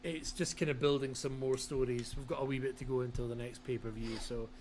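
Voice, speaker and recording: A man's voice: medium pitch, fairly even intonation, brisk, darkish tone, a little hiss or hum. A man hosting a wrestling podcast, casual and jokily incredulous. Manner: jokey, mock-incredulous. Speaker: podcast host.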